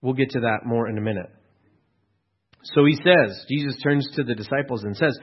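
Speaking at a moderate pace, this man has a mid-range, slightly rough voice as he preaches like a pastor telling stories in a conversational way. He poses rhetorical questions to his audience, captured on a dull lo-fi recording.

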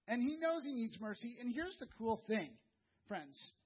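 A man preaching a sermon in a conversational, earnest way, repeating words and dropping soft and low for emphasis. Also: very animated, normal speed, breathy edge, lo-fi sound. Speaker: pastor.

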